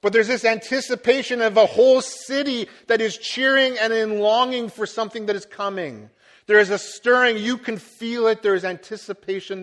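A middle-aged man delivering a sermon with a notably high voice. He preaches earnestly, leaning into emphatic swells as he drives a point home. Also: fairly bright tone. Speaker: pastor.

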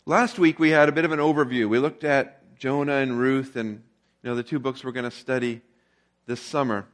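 A male pastor preaching a sermon in a relaxed, conversational storytelling way. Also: medium pitch, a little fast.

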